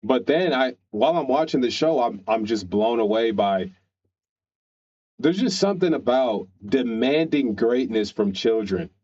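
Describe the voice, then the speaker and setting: A man's voice: medium pitch, lively intonation, unhurried, darkish tone, lo-fi sound. A man streaming, ranting casually in a crude, opinionated way and rambling through restarts.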